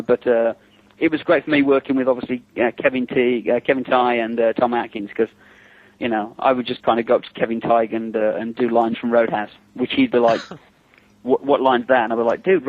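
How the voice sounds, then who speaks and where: A man's voice: mid-range voice, no room sound. English man telling stories down a phone line. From England. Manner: lively anecdotes, acts out quotes, laughs often. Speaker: guest, special effects makeup artist. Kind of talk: casual phone interview storytelling. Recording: tinny phone line, dry.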